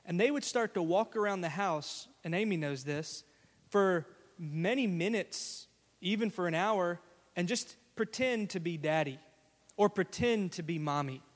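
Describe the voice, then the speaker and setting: Male pastor, conversational sermon, tells stories, asks the crowd, higher voice, long church reverb. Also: measured pace. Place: church sanctuary.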